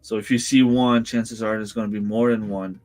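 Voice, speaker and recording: Low-voiced man chatting on a livestream. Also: level tone, moderate pace, a little mellow, dry recording. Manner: chatty, rambling with many fillers and restarts. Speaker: livestream host. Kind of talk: casual live-chat reading comments. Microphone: desk microphone.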